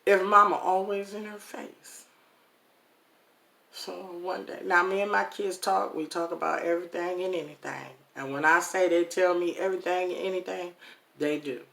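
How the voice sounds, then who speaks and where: A middle-aged woman telling a personal story to her viewers in a casual, animated way, calling them "y'all". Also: on the low side, moderate pace, gravelly. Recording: echoey room.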